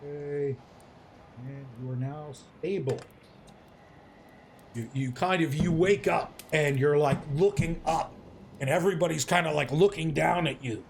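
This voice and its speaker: A man's voice: a little high, a little slow, creaky, slight background noise. A man running a tabletop game as game master, narrating casually with lots of fillers and restarts.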